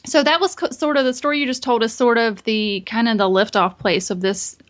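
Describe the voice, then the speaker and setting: A woman's voice: on the high side, fairly even intonation, fairly quick. A woman hosting a podcast interview, praising her guest with many fillers. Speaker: podcast host.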